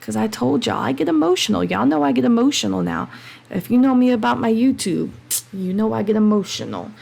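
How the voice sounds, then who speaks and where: A woman hosting her own podcast, talking passionately and emphatically, getting heated and then calming down. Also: fairly high pitch, a little fast, creaky. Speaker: podcast host. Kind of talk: solo podcast monologue. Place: home, late at night.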